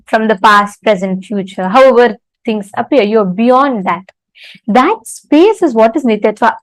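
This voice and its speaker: Unhurried woman giving a spiritual talk. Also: a little high, a little mellow, no echo, low-quality recording. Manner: unhurried, pausing often, telling a story with acted-out quotes. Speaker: spiritual teacher. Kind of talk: live online spiritual discourse with a parable. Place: temple.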